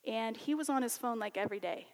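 A woman teacher telling a personal story in a sermon, animated and conversational. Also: fairly high pitch, fast talker, big-room sound. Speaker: college teacher and speaker.

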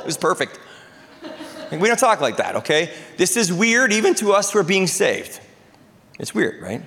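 A man's voice: fairly high pitch, sing-song, brisk, a bit bright, big-room sound. A man preaching a sermon as pastor, talking in a conversational, joking way with asides and restarts.

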